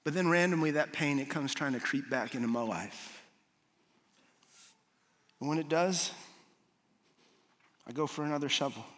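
A man preaching a sermon as a pastor, storytelling with animated swings and soft, low moments for emphasis. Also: moderate pace, pauses often. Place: large hall with audience. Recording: long reverb of a large hall.

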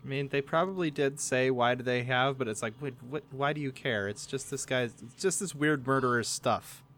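A man's voice: mid-range voice, moderate pace, fairly bright tone, slight background noise. A man co-hosting a podcast, chatting casually with a sardonic edge and casual swearing. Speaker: podcast co-host. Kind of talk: casual chat.

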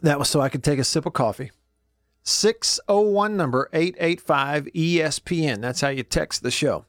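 A middle-aged man hosts a talk radio show from the studio, chatting in a loose, folksy way and narrating what he is doing as he goes. His voice sits a little high for a man. The sound is close and dry, with no room echo. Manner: folksy and chatty, thinks aloud while clicking around. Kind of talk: casual talk radio chat. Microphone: studio microphone.

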